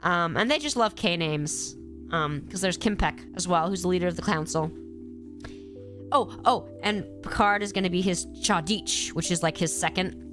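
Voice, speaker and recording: A congested woman chatting casually on a live stream, animated and gushing as she ranks episodes and acts out quoted lines. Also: on the low side, normal speed, music in the background.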